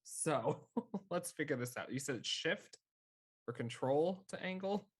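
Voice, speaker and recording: Upbeat, lively-voiced tabletop player. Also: medium pitch, unhurried, husky. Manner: upbeat, asks rule questions. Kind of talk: casual tabletop game chat.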